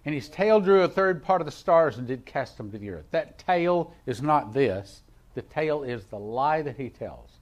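A male pastor preaching a sermon, reading scripture aloud and moving between emphatic declarations and quiet asides. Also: medium pitch, lively intonation, moderate pace, dull audio. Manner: reads King James verses aloud.

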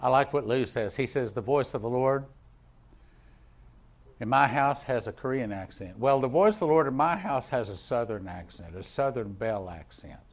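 A male pastor preaching a sermon, reading scripture aloud and moving between emphatic declarations and quiet asides. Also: medium pitch, expressive, normal speed. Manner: reads King James verses aloud.

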